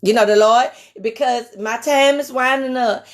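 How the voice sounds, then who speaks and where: A woman with a raspy voice and a country twang, preaching in a casual live-stream sermon. She is emphatic, repeats key phrases and speaks to viewers by name. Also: a little high, moderate pace.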